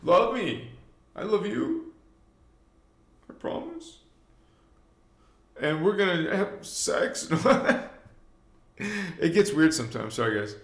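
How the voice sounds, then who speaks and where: Slow rambling man with a lively voice. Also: fairly high pitch, reverberant. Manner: loose, meandering, frequent fillers and asides; addresses viewers directly and preachy. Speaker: livestream host. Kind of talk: rambling live spiritual talk.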